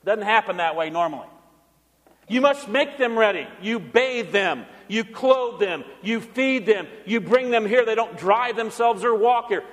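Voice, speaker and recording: A man's voice: sits high, lively intonation, measured pace, fairly bright tone. A man preaching a sermon as pastor, asking the congregation questions and answering them himself, in a church. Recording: long church reverb.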